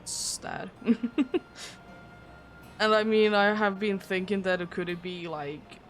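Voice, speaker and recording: A young Finnish woman streamer chats casually on a livestream in English, her second language, with a Finnish accent. Her mid-range voice moves slowly over faint music. She's chatty and giggly, laughing often and restarting a lot.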